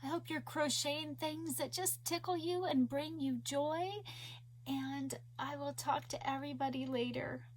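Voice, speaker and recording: A woman crochet vlogger chatting casually to her viewers, emotional and teary, soft-spoken. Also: high-pitched, fairly even intonation, unhurried. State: tearful. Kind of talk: casual video chat.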